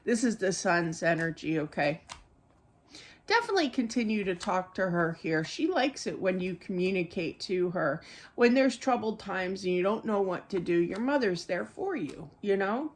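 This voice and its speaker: A woman's voice: mid-range voice, lively intonation, normal speed. A middle-aged woman giving a live psychic reading to viewers. She rambles in a chatty way, with many fillers and side stories. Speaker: psychic medium.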